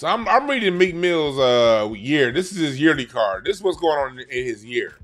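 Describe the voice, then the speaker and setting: A man's voice: fairly high pitch, sing-song, moderate pace, fairly bright tone, faint music behind. Emphatic slangy man explaining cards. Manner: emphatic, repetitive, slangy, restarts phrases. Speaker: card reader. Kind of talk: casual explainer monologue.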